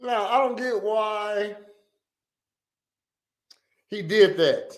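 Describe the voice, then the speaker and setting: A man's voice: high-pitched, very slow. A man hosting a reaction video, talking in a blunt, slangy, rambling way. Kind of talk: casual reaction commentary.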